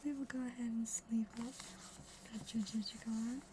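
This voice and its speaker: A young adult woman whispering softly and unhurriedly in an ASMR style while opening card packs. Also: fairly high pitch, level tone, moderate pace, background noise.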